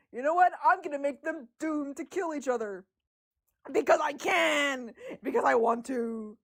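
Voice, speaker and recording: Giggly high-voiced young woman streaming. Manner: giggly, excitable, laughs often. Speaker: artist streaming her drawings. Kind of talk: casual livestream chat.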